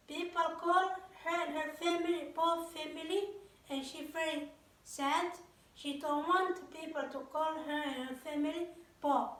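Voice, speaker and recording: High-voiced woman telling a slow story. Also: fairly bright tone. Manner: simple broken English, halting with many fillers. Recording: echoey room from far off.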